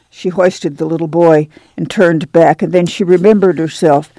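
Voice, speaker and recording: Mellow-voiced woman reading aloud. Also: on the low side, no echo. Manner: measured, even storytelling. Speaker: radio book reader. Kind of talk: scripted narration.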